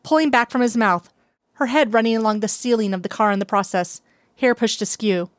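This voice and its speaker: A woman's voice: on the high side, a little fast, dry recording. Woman narrating a story, dry close sound. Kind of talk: reading fan fiction aloud.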